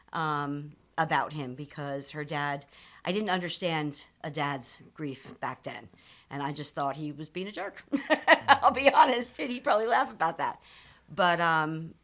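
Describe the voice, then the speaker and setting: A woman's voice: deep voice, a bit bright. A woman in her fifties, a nonprofit founder, telling a personal story as a podcast guest, candid and earnest, with many ums and restarts.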